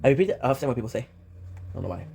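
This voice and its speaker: A man's voice: mid-range voice, sing-song, rapid-fire, vocal fry, a little mellow, a little hiss or hum. A man streaming live, chatting casually and rambling, often talking to himself and swearing offhand.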